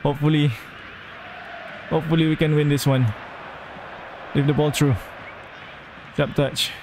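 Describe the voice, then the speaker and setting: Young male gamer, unhurried gameplay commentary over faint background hum; groans and cheers at plays. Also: fairly high pitch, little pitch movement, darkish tone.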